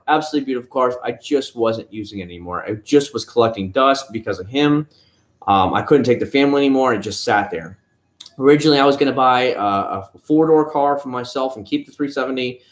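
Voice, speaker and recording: A man hosting a casual live stream from home, rambling easily about cars and answering viewer chat one comment at a time. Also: medium pitch. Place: at home, family nearby. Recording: roomy echo.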